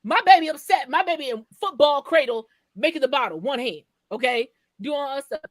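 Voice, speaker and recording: A high-pitched woman co-hosting a loose, casual chat, animated and quick to slip into little acted-out voices. The sound is close and dry, with no room around it. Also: no echo. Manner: animated, acts out quoted voices. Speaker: podcast co-host.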